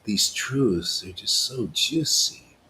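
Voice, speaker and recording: A man preaching to a devotional gathering, emphatic and confrontational, with casual slang, swinging between loud declarations and hushed asides. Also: lowish voice, expressive, slow, slight background noise. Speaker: spiritual teacher at a devotee gathering. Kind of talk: impassioned devotional sermon.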